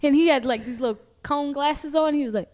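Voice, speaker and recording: A woman's voice: sits high, brisk, darkish tone. A woman co-hosting a podcast in casual chat, laughing often and talking in slang. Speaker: podcast co-host.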